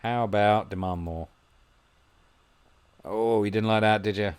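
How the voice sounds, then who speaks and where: Low-voiced man commenting on his game. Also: a little slow, clean tone. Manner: muses quietly, then bursts into excited match commentary. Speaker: gaming video host. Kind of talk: gameplay commentary.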